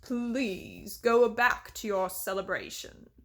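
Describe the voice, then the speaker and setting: A woman voicing a smug prince who talks in a slow, haughty, commanding way. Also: fairly high pitch. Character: smug, smooth-talking prince.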